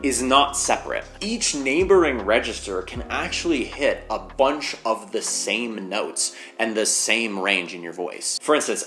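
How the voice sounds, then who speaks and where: A man's voice: on the low side, fairly bright tone. A man teaching singing, explaining vocal anatomy step by step and leaning on the word "basically".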